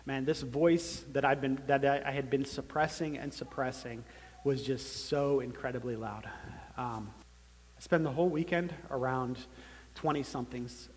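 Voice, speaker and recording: Guy in his 30s sharing his faith story, earnest, kinda halting, mid pitch, long hall echo. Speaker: church planter giving testimony. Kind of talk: personal testimony sermon. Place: large meeting room.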